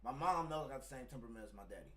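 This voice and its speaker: Speaking very fast at medium pitch, a man tells a profane story in casual chat, animatedly playing out the heated exchanges. The distant mic also catches faint background noise.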